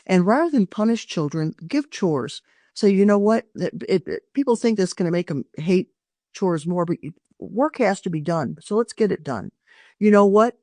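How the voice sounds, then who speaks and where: Older woman, parenting expert guest, earnest and emphatic, mid-pitched, dry close sound. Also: expressive, moderate pace, mellow, no room sound. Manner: earnest, emphatic advice-giving with frequent restarts. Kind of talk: podcast interview.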